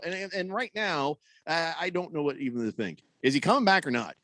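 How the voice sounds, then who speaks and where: A man with a fairly high, very lively voice rants through sports talk radio in a sarcastic, animated way. His voice swoops up and down as he vents. The studio sound is close and dry. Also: brisk, no echo.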